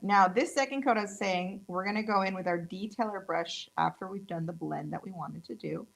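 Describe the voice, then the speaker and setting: A woman's voice: on the low side, creaky, low-quality recording. A woman in her thirties from California, chatting upbeat through a casual nail tutorial demo. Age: 30s. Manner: chatty and upbeat, gushes over colors. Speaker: nail tech instructor.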